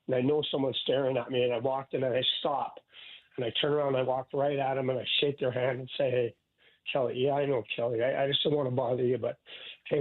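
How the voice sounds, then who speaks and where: An older man from Canada, a radio guest, talking haltingly with many restarts about living with illness. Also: mid-range voice. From Saskatchewan, Canada. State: ill with cancer. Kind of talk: emotional interview talk. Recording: tinny phone line.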